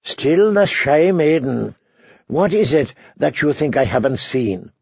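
A man voicing a proud, bitter, maimed male knight who talks in a sardonic, mocking way with a gravelly voice. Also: a little high, very animated, unhurried, darkish tone, no room sound, full character voice. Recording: dull dry lo-fi recording.

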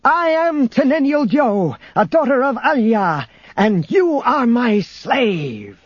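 A man's voice: on the high side, big pitch swings, normal speed, warm tone, slightly rough, no echo. A man voicing a fierce, proud young female witch warrior with a commanding manner, on a dull lo-fi audiobook recording. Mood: triumphant. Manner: triumphant, commanding.

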